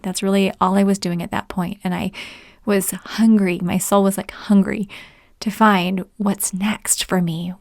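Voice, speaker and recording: A woman's voice: medium pitch, a little mellow, no room sound, clean studio sound. A woman in her forties hosting a podcast, telling a personal story in a chatty way and often laughing. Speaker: podcast host.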